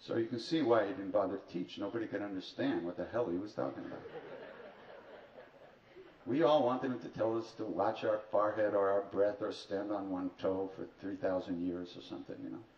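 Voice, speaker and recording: Fairly low in pitch, a little fast and fairly even in intonation, the man is a spiritual teacher at a retreat delivering humorous storytelling to his audience. He adds wry, dry asides and self-mocking jokes. It's a live hall recording that sounds distant, roomy and dull, with faint ambience.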